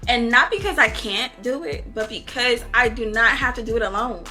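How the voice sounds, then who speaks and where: A woman's voice: a little high, normal speed, bright, forceful tone, faint music behind. A woman vlogger telling personal stories to her viewers in a candid, casual way, laughing often and calling them y'all. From not from Houston. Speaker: book review vlogger.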